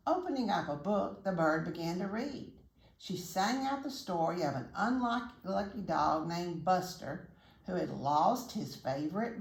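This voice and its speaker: An older woman, a retired teacher, reading a children's story aloud in a gentle, teacherly way, pausing to ask the listener questions. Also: lowish voice. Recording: roomy echo.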